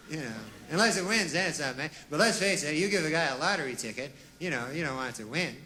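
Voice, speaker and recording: A man doing a deadpan, rambling stand-up comedy monologue, full of asides and folksy fillers, on a comedy stage. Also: fairly high pitch, fast talker, few pauses, noisy background. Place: comedy stage with a live audience.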